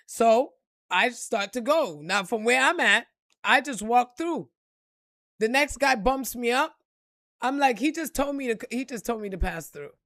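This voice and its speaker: A woman's voice: fairly high pitch, expressive, measured pace, fairly bright tone, no room sound, clean studio sound. A woman telling a personal story in casual, profane vlog style, acting out the quotes and laughing along.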